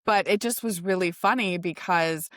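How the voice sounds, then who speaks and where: Woman host with a lower voice, chatty and quick to laugh, recorded dry. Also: dry recording. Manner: chatty, laughs often while telling stories. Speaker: podcast host. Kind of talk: casual conversation.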